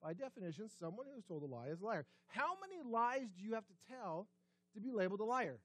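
A man preaching a sermon as pastor, conversational, asking the congregation questions and dropping his voice low and quiet for emphasis. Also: sing-song, quick pace, no echo. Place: church sanctuary.

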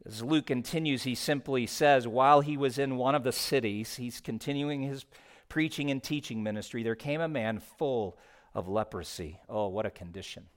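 A man preaching a sermon as pastor, moving between hushed and raised passages. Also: medium pitch, normal speed.

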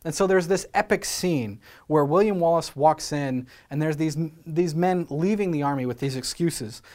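Scottish-born pastor guy preaching, earnest, keeps asking why not, kinda high voice. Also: moderate pace, darkish tone. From Scotland. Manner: earnest, exhorting, rhetorical questions. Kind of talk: sermon.

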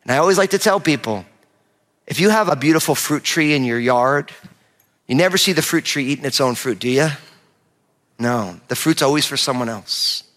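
A middle-aged man from New Jersey preaching a sermon as pastor, lively and conversational, acting out quoted voices as he goes. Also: medium pitch, normal speed. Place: large church auditorium. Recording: long hall reverb.

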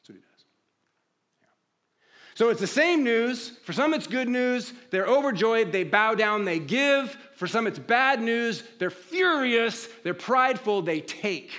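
A man with a high voice preaching a sermon in a casual, conversational way. He keeps asking rhetorical questions and tagging lines with "right?". At key points he drops to a low, hushed delivery for emphasis. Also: lively intonation, unhurried. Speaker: pastor.

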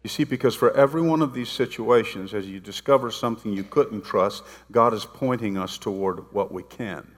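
A man's voice: fairly low pitch, moderate pace, hardly any pauses. A man preaching a sermon, talking to the congregation in a conversational way, with dramatic retellings and playful asides. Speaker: pastor. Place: church sanctuary. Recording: long reverb of a large hall.

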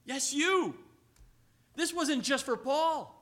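A man preaching a sermon as pastor, swinging from loud, emphatic lines to hushed, low passages and slowing to stress key words. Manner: acts out quoted voices, slows on key words.

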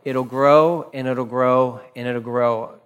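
A male pastor preaching with emphatic repetition, slowing to a measured pace for scripture readings. His voice sits at an ordinary middle pitch. The sound carries a long reverb, as in a church sanctuary. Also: fairly even intonation, a bit bright, smooth. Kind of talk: radio sermon.

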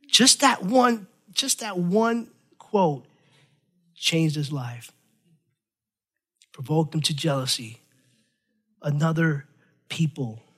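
A man preaching a sermon as pastor, teaching from scripture in an animated way, with chatty, self-deprecating asides. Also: fairly high pitch.

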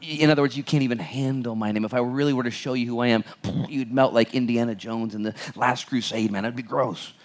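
A man preaching a sermon as pastor, animated, acting out the people in the Bible passage with jokes. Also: mid-range voice, a little fast, hardly any pauses.

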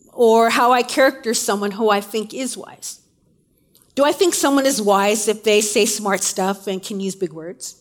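A woman preaching a sermon in a conversational way, with casual asides. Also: on the high side.

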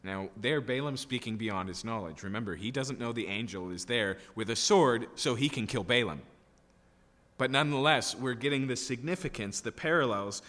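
A man's voice: medium pitch, moderate pace, a bit bright. Emphatic male preacher in a reverberant hall. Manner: emphatic, with rhetorical questions and frequent "okay?" tags. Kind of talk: expository sermon.

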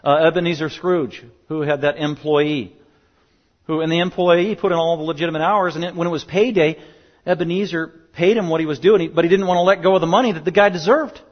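A man preaching a sermon as pastor, emphatic and building to loud bursts on his main points. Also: on the high side, fairly even intonation, quick pace. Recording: dull lo-fi sound.

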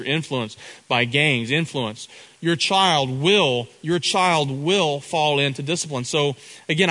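Forceful, earnest male preacher. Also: a little high, poor audio. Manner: earnest, repeats and restarts words. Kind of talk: sermon.

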